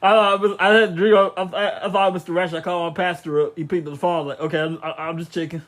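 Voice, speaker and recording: Young male co-host, slightly high voice, stammering casual storyteller. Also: very fast. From Louisiana. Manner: stammering restarts, relaxed, many listening noises.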